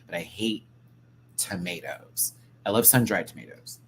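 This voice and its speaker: A man's voice: fairly low pitch, a little slow, slightly rough. A man hosting a live stream, chatting casually and campily, reading the chat and mimicking people. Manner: animated and campy, mimics people, reads chat aloud. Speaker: live-stream show host.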